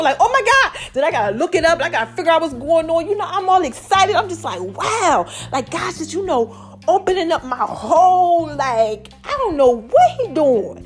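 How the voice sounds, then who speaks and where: A middle-aged woman hosting her own podcast, talking to listeners in an animated, chatty way. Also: high voice. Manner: animated, chatty, calls listeners y'all and baby. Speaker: podcast host. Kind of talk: casual podcast monologue.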